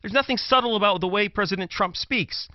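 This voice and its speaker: A high-voiced man from Brooklyn, New York speaks fairly quickly, driving home his political argument through emphasis and repeated phrases. The commentator and ex-prosecutor is heard on a talk show in a dull, dry, lo-fi recording.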